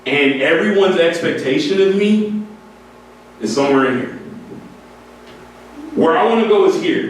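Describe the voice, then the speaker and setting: Addressing a group of music students, a man gives a sincere, frank pep talk, laughing often as he goes. His voice is fairly high and expressive, at a moderate pace with long pauses. The echoey hall puts him at a distance, and there's faint noise.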